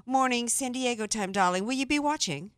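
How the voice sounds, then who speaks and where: A woman's voice: fairly high pitch, a little fast, no room sound. A woman from the American South hosting a radio talk show, chatty and playful, giggling as she talks. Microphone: studio microphone.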